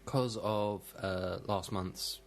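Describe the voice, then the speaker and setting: A man's voice: on the low side, steady tone, very slow, slight background noise. A man with a British accent co-hosting a gaming podcast, running through the news with dry, understated remarks. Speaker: podcast co-host. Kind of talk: casual podcast chat, reading news.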